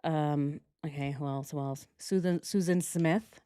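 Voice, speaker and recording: A woman's voice: low-pitched, a little slow, mellow, clean tone, no echo, clean studio sound. A woman hosting a casual reaction stream, chatting with viewers and laughing often. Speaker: host.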